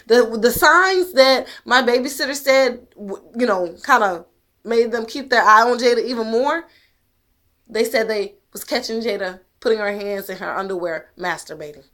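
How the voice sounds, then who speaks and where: A woman's voice: fairly high pitch, moderate pace, pushed and bright. A mother talking straight to the camera in an intense, emphatic way, blunt and swearing, pressing her point with rhetorical questions. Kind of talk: direct-to-camera monologue.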